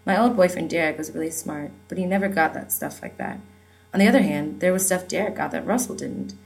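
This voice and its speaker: A woman's voice: deep voice, a little fast, vocal fry, faint music behind, rough recording. A woman narrating an audiobook in a wry, conversational storytelling manner.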